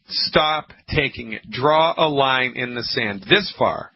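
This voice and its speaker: A man hosting a call-in health radio show, lecturing emphatically and repeating his points, with a frog in his throat that makes him keep clearing it. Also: mid-range voice, slow pace. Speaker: radio talk show host. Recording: muffled radio broadcast with faint hiss.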